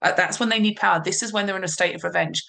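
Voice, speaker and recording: A woman parenting coach explaining calmly in a podcast conversation, sometimes voicing what a parent or child might say. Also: medium pitch, racing, vocal fry. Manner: calm, explanatory, acts out parent and child lines.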